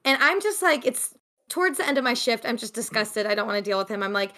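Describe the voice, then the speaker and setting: A woman's voice: a little high, very animated, fast talker, sharp tone. A young woman co-hosting a podcast, animatedly retelling a cafe encounter with quoted dialogue. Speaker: podcast co-host. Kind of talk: casual storytelling.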